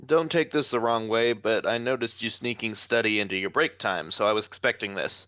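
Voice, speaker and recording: A man reading the part of an easygoing male boss in a casual comic reading, teasing and relaxed. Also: lowish voice, brisk.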